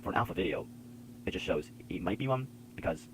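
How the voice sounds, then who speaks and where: A man's voice: sits low, lively intonation, fast talker, low-quality recording. A man making a reaction video, speaking in a smug, boastful, mocking way. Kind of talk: casual reaction commentary. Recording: played-back clip with background hum.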